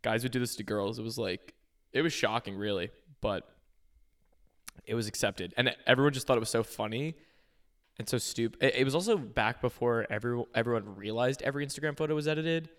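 A man's voice: mid-range voice, a little fast. A young man co-hosting a podcast in casual chat, rambling with fillers and restarts. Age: young adult. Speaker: podcast co-host.

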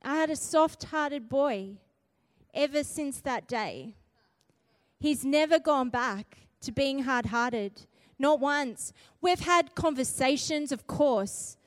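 Woman, middle-aged, preacher, high voice, dry close sound, storytelling sermon, emphatic. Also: slow pace, no room sound. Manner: animated, emphatic, repeats phrases.

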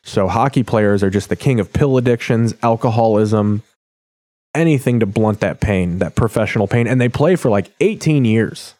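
A man's voice: fairly low pitch, normal speed, mellow, no echo. A man hosting a podcast, chatting loosely and jokingly while flipping through channels, rambling and swearing. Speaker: podcast host. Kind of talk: casual chat while channel surfing.

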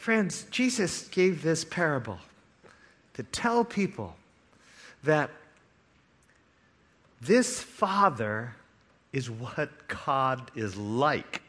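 A man preaching a sermon, telling a parable with dramatic swings between hushed, quiet lines and loud, eager ones. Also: fairly high pitch, sing-song, extremely slow, pauses often. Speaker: pastor.

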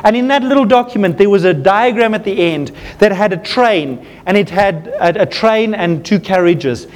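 Addressing his listeners as "folks," a pastor preaches with earnest energy at a normal speed. At tender moments, his voice sinks low and quiet.

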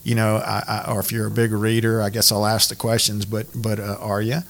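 A man hosting an interview, framing questions haltingly with repeated words. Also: on the low side, completely flat delivery, fairly bright tone. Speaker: podcast host.

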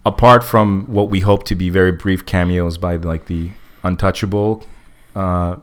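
A man's voice: deep voice, fairly even intonation, moderate pace, clear, resonant tone. A man hosting a podcast in casual chat, opinionated and loose, restarting his sentences and swearing. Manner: opinionated, with many restarts and profanity.

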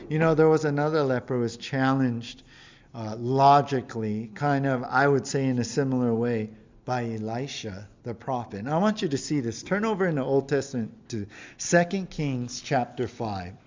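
With a medium-pitched, slightly mellow voice at a moderate pace, a male pastor delivers a conversational sermon, reading scripture and acting out its characters in a raised voice. The recording is muffled.

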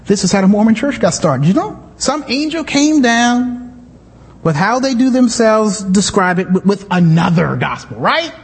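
A male pastor preaching a sermon in a church, conversational and animated, with asides and sudden shouts. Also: high-pitched, normal speed, slightly rough, big-room sound. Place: church sanctuary.

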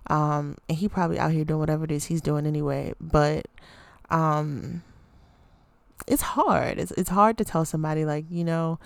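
A woman's voice: deep voice, moderate pace, vocal fry, dry recording. A woman in her twenties hosting a podcast, talking candidly in a casual personal reflection, rambling with lots of fillers. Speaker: podcast host.

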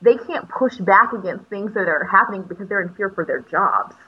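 A woman's voice: mid-range voice, expressive, fairly quick, slightly rough, dull audio. A middle-aged woman, a teacher mentor, chatting casually on a podcast and telling stories with many fillers and restarts.

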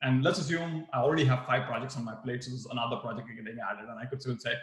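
A man's voice: mid-range voice, fairly even intonation, quick pace, roomy sound. A man teaching a workshop for new managers, acting out example replies with big swings in his voice. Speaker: management trainer. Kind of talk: live workshop talk on management.

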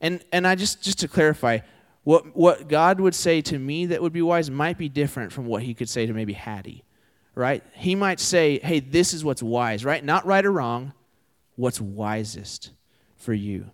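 A man's voice: fairly high pitch, animated, normal speed. A man in his twenties giving a conversational sermon, often putting questions to his listeners. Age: 20s. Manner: conversational, asks the audience questions. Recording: hall with long reverb.

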